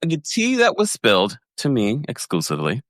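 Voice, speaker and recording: A man's voice: mid-range voice, wildly swooping pitch, normal speed, fairly bright tone, no echo, studio quality. A man hosting a podcast, playful and gossipy in casual chat, often laughing. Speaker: podcast host.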